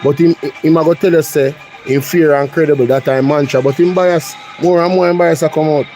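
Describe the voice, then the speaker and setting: A man's voice: fairly high pitch, fairly even intonation, a little fast, mellow, faint music behind. A Jamaican man hosting a reaction show, switching between patois and English with blunt, incredulous remarks. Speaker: host. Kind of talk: reaction commentary.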